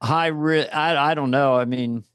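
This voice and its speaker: Higher-voiced, playful podcast host. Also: male voice, measured pace, fairly bright tone, clear, resonant tone, dry recording, clean studio sound. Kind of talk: casual chat.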